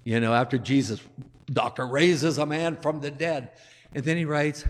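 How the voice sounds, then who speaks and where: A man preaching as a priest, reading the gospel and giving a sermon slowly and deliberately, with emphatic rises. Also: a little high, steady tone. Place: church. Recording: echoey church hall, long reverb.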